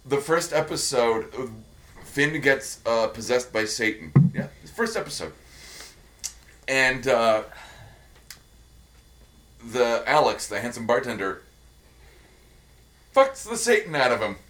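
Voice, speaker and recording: A young adult man co-hosting a casual chat, rambling and swearing freely, dropping into quick silly voices. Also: mid-range voice, animated, fairly bright tone. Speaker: podcast co-host.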